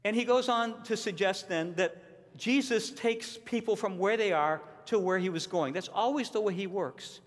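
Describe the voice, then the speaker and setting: Male pastor, emphatic sermon delivery, slightly high voice, recorded in a reverberant hall. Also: moderate pace. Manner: earnest, emphatic, repeats key points. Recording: long reverb of a large hall.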